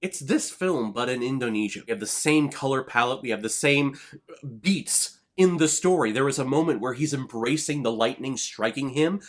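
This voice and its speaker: A man hosting a movie review channel, talking casually with sarcastic asides. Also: medium pitch. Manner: lively, quick conversational delivery. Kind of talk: casual film review commentary.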